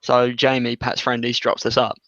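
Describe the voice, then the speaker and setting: A man's voice: medium pitch, monotone, moderate pace, a bit bright, dry recording. Young English guy, rambling sweary chat, dead dry, slightly muffled mic. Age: young adult. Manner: sweary, rambling, laughs often. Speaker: podcast co-host. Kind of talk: casual chat.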